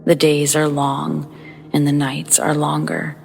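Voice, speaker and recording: A woman narrating a scary story in a hushed, somber storytelling manner. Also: sits low, completely flat delivery, slow, vocal fry, soft background music.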